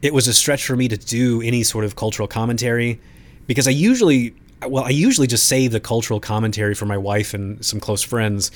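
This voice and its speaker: A man of average pitch hosts his own podcast, speaking alone. He thinks aloud in a loose, conversational way, sometimes restarting a phrase before carrying on. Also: a little fast. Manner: conversational, reflective, with frequent restarts. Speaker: podcast host. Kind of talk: solo podcast commentary.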